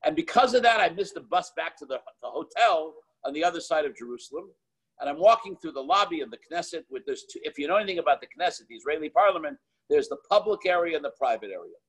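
A middle-aged man, a rabbi, telling stories in an animated way, with many restarts and quoted dialogue. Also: fairly high pitch, fast, husky, low-quality recording. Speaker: Chabad rabbi and author. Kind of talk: storytelling talk.

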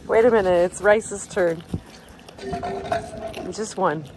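Outdoors on her farm, a woman vlogger films with a handheld camera and speaks slowly in a medium-pitched voice to her goats and cat. She uses doting, playful baby-talk and laughs often, over a noisy background.

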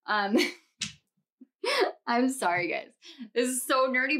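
A young woman giving a casual tarot reading to viewers, bubbly and gushing, often breaking into laughter and excited squeals. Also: medium pitch, measured pace. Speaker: tarot reader.

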